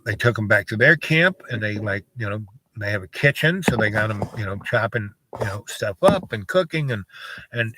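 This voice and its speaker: A man telling a long, meandering story in a casual monologue, full of fillers and side remarks. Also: medium pitch. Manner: meandering, many fillers and asides. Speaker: vlogger. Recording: noisy with clicks.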